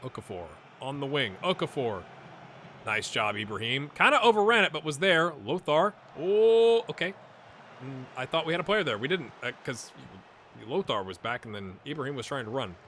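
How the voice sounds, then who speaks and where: A middle-aged man giving live gameplay commentary on his football management game, swinging from low mutters to excited shouts. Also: moderate pace, slight background noise. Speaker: gaming YouTuber.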